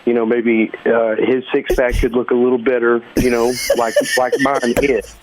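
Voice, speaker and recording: A man's voice: mid-range voice, level tone, normal speed, darkish tone, slight background noise, rough recording. A man from Alabama, a rock band guest, joking and restarting his words in a casual interview.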